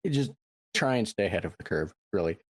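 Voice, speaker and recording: A man in his thirties hosting a podcast, chatting casually in a relaxed, rambling way with lots of fillers. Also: on the low side, fast, husky, dry recording, clean studio sound. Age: 30s. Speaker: podcast host.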